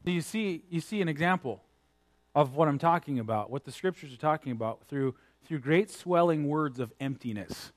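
Male preacher, high-pitched, critical sermon delivery that builds in emphasis. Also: lively intonation, moderate pace.

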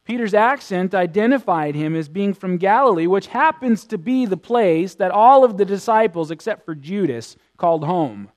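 A pastor preaching a sermon, swinging between loud bursts and hushed tones. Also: male voice, high-pitched, animated, normal speed, few pauses.

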